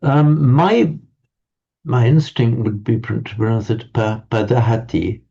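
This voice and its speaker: Slow, gravelly man teaching a language. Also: mid-range voice, dark tone, dull audio. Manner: halting and thoughtful, with many restarts. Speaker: Pali teacher.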